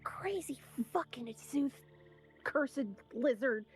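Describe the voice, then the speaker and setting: A woman's voice: high-pitched, animated, takes it slowly, faint music behind. A woman voicing a bad-tempered woman adventurer who curses in outrage. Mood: indignant. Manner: outraged, cursing.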